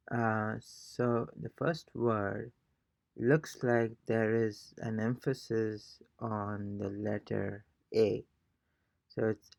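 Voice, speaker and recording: A man's voice: on the low side, vocal fry, a little mellow, no room sound, clean studio sound. A man teaching a casual language lesson as a fellow learner, hesitant and thinking aloud with many fillers. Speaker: self-taught Spanish learner teaching a lesson.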